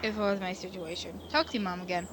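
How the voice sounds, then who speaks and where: A woman's voice: medium pitch, fairly even intonation, quick pace, noisy background. A woman reading a visual novel game aloud and rambling about it, with giggly, emotional reactions. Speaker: gaming video creator.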